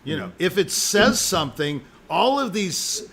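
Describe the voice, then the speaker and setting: A man's voice: high voice, sing-song, measured pace, a bit bright. A man giving a musician live spoken feedback as an audition judge, emphatic and jokey, repeating his points.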